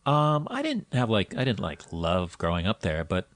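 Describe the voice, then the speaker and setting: Low-voiced joking podcast host man. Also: huge pitch swings, no echo. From New York. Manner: joking, self-deprecating, quick questions. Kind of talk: casual chat.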